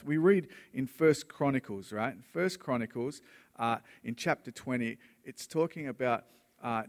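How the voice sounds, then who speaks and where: A middle-aged pastor preaching a sermon, earnest and conversational, often checking in with "right?". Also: male voice, medium pitch, long reverb tail.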